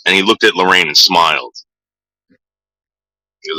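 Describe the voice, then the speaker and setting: A man's voice: deep voice, brisk, long pauses, bright, forceful tone, no room sound, poor audio. A man telling rambling stories to his viewers, repeating words and quoting people in put-on voices. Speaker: streamer telling stories about his father. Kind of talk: casual storytelling to a live chat.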